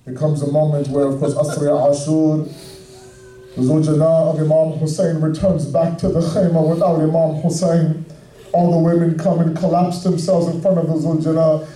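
A man preaching an emotional mourning sermon in a drawn-out style, at times shouting. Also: fairly high pitch, flat delivery. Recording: echoey room, voice from far off.

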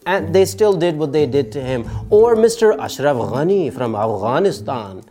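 A man's voice: a little high, sing-song, normal speed, mellow, soft background music. A man giving casual spoken commentary on world events. He talks loosely with many fillers and puts on voices for the people he quotes.

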